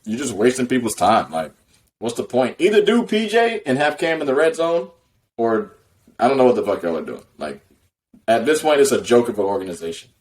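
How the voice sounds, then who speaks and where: A man's voice: mid-range voice, big pitch swings, brisk. A man co-hosting a podcast on a video call, talking sports in a laid-back, blunt, slangy way. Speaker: podcast co-host. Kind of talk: casual sports chat.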